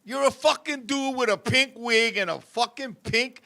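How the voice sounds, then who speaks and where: A middle-aged man hosting a live-stream talk show tells a story in a heated, profane rush at a normal speed. His gravelly voice sits unusually high for a man and has a sharp, bright edge. He keeps turning to his co-host and viewers as he talks.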